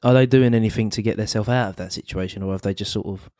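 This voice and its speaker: A man's voice: fairly low pitch, fairly even intonation, fast, warm tone, no echo. Young man chatting, dry close sound. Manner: rambling storytelling with many restarts and tag questions. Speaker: podcast co-host. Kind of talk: casual chat.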